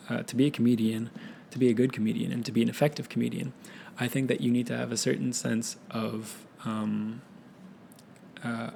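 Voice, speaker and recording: A young man talking through a casual solo podcast, looping back and restarting his sentences as he thinks. His mid-pitched voice has a gravelly fry to it, with a faint hum of noise behind him. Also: a little mellow. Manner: rambling, self-correcting, laid-back. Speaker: podcast host.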